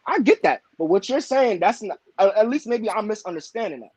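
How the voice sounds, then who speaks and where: A man's voice: high voice, animated, brisk, darkish tone, breathy edge, dry recording. A man arguing brashly and insistently as a guest on a live talk show, often cutting in. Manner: brash, insistent, talks over others. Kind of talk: casual debate on a live show.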